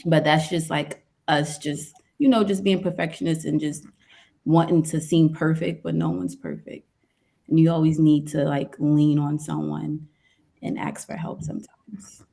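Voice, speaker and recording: A woman's voice: low-pitched, measured pace, creaky, mellow. A woman who owns a studio, speaking on a panel in a casual, reflective way.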